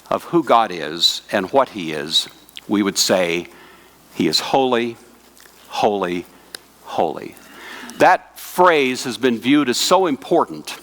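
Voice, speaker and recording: Measured male lecturer addressing pastors. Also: mid-range voice, fairly bright tone. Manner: measured, teacherly, asks the audience questions; slows and drops his voice on key words. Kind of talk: conference lecture. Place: conference hall with audience.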